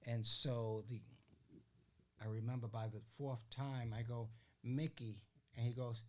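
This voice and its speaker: An older man, a guest on a podcast, telling stories in a casual, animated way. He acts out the voices of the people he quotes and keeps asking "you know what I'm saying?". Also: mid-range voice, unhurried. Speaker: interview guest. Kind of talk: casual storytelling.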